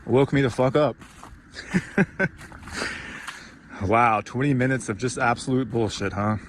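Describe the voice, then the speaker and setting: A man's voice: mid-range voice, a little fast, noisy background. A man delivering an intense, profane motivational rant, rambling and mocking himself as he goes. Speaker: podcast host.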